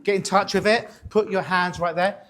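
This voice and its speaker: A man's voice: sits high, fairly even intonation, moderate pace, fairly bright tone. A man working as a stage hypnotist, coaxing and instructing a volunteer during a live demonstration on stage. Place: on a stage before an audience.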